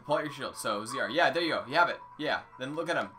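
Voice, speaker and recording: A man's voice: medium pitch, animated, quick pace, pushed and bright. Man playing a game over music. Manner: playful, hums tunes and sings along. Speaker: game player. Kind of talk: casual let's-play chat.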